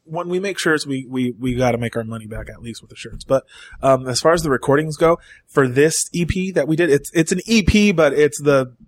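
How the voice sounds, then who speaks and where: A man's voice: on the high side, fairly quick, dry recording. Rambling man on a podcast, dry sound. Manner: rambling, restarts often, swears casually. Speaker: band member guest. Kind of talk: casual podcast chat. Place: podcast studio.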